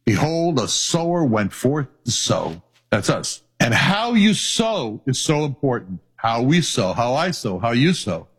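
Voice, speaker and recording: A man's voice: mid-range voice, very animated, a little slow, hardly any pauses, slightly rough. A man preaching a sermon in an earnest way. He repeats key phrases for weight and reads scripture passages aloud in old-fashioned wording. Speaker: pastor.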